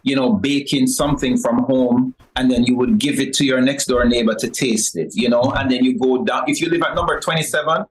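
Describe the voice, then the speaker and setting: A man's voice: mid-range voice, brisk, few pauses, poor audio. A man from Jamaica with a Jamaican accent, a cake shop owner telling stories as a talk show guest, easygoing with many fillers. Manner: relaxed storytelling with many "you know" fillers. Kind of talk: casual talk show interview.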